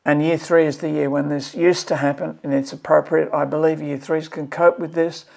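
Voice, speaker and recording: A man's voice: on the high side, little pitch movement, normal speed, vocal fry, a little mellow. A man, a maths educator, giving an emphatic and exasperated review of a curriculum draft in a video. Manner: passionate, emphatic, exasperated pleading.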